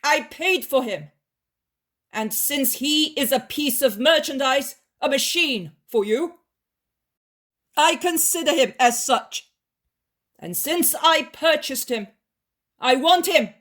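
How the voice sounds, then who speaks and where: A woman's voice: sits high, lively intonation, slow pace, pauses often, fairly bright tone, pitched above the performer's own voice, heavily acted. A woman voicing a stern, commanding male prophet who speaks severely and with thundering force.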